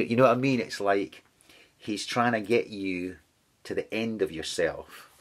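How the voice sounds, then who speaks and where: A man preaching and giving a personal testimony in an earnest, halting way, with many restarts, at times close to tears. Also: lowish voice.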